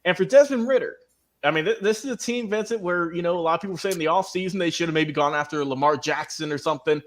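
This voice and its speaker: A male co-host on sports talk radio, his voice sitting a little high for a man. He works through a roster in an easy, conversational rundown and then hands the discussion to his partner. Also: fast talker.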